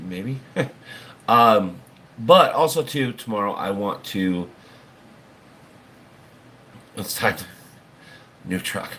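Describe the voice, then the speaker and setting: A man's voice: lowish voice, animated, drawn-out words, long pauses, fairly bright tone, slight background noise. A man hosting a livestream, chatting casually in a rambling, folksy way and swearing now and then. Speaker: livestream host.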